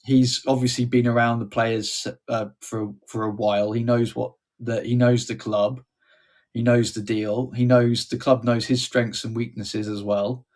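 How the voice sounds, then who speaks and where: A man's voice: mid-range voice, little pitch movement, a little slow, a little mellow. A man co-hosting a podcast, asking questions in a joking, teasing way. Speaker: podcast co-host, interviewer. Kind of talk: casual chat.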